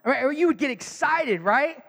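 Man, pastor, sermon, high voice, animated storytelling, long hall echo. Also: moderate pace, creaky. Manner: animated storytelling, acts out quotes.

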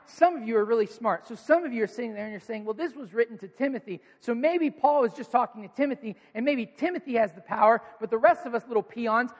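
High-voiced pastor in a reverberant hall. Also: male voice. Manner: energetic, coaxes the congregation into call-and-response. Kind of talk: sermon.

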